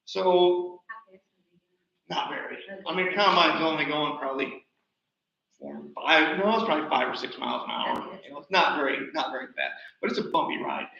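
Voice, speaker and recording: Casting: male presenter, high and bright voice, chatty storyteller, roomy hall, distant muffled mic. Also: sing-song, normal speed, gravelly. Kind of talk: slide show talk. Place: nature center hall. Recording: roomy, distant, dull livestream audio.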